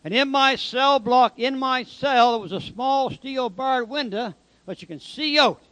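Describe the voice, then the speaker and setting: A man's voice: extremely high pitch, a little slow, fairly bright tone, dry recording. A man giving a preaching testimony as a former convict, telling his story in an emphatic, dramatic way.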